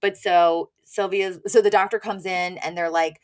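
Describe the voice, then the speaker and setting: A woman's voice: on the low side, steady tone, normal speed, few pauses. A woman co-hosting a podcast, chatting casually through an episode recap, laughing often and acting out the characters' lines. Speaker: podcast co-host.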